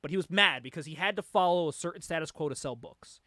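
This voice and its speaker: A man hosting a casual comic book chat, animated and laughing often as he reads panels aloud. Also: a little high, fast, no room sound, clean studio sound. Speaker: podcast host.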